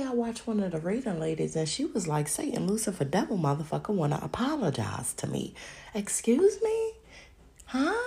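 A woman's voice: deep voice, vocal fry, breathy edge. A woman hosting a podcast and ranting in a casual, profane, rambling monologue. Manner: animated, profane, rambling rant. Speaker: podcast host.

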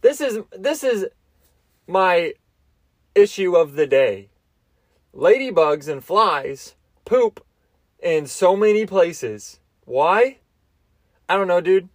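A young man rambles through crude, self-amused stories on his solo podcast, often stopping and restarting mid-sentence. His voice sits a little high for a man. The recording is close and dry, with no room sound. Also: animated, slow pace, long pauses, dry recording. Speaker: podcast host. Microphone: close mic, seated.

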